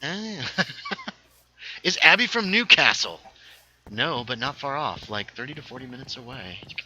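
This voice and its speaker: A man's voice: medium pitch, very animated, measured pace, sharp tone, slightly rough, low-quality recording. A young man hosting a game livestream, chatting casually and telling rambling stories that interrupt themselves. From North Carolina. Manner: rambling, self-interrupting storyteller. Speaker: livestream host. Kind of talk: casual chat while gaming.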